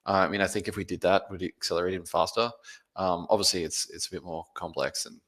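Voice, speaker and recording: A man's voice: sits low, fairly even intonation, fast talker, fairly bright tone. A man and open-source framework contributor talking earnestly on a group call, rambling with many fillers.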